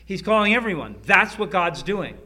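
Bright-voiced man preaching with dramatic hushes. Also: sits high, sing-song, normal speed. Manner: preaching with dramatic drops to near-whispers and emphatic repeats. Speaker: pastor. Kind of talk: sermon.

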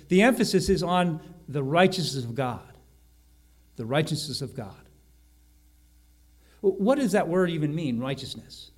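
A man preaching a sermon, slowing and rising on key phrases and often correcting himself mid-sentence. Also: on the high side, a little mellow. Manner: emphatic, slows and rises on key phrases, frequent self-corrections. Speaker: pastor.

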